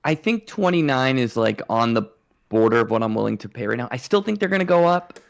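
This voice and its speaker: A man's voice: mid-range voice, big pitch swings, fast talker, creaky, no room sound. A man co-hosting a podcast, chatting casually and rambling with lots of fillers. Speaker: podcast co-host. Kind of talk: casual chat.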